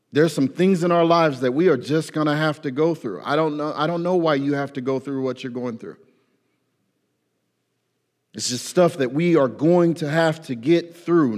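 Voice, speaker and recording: A man preaching a sermon in a casual, animated way, with slang and acted-out prayers. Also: medium pitch. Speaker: pastor. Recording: long hall reverb.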